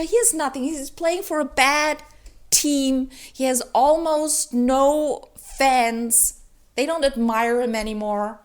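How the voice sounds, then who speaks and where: Exasperated woman ranting about a book. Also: high-pitched. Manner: animated, exasperated ranting with many restarts. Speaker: book vlogger. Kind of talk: ranting reading vlog.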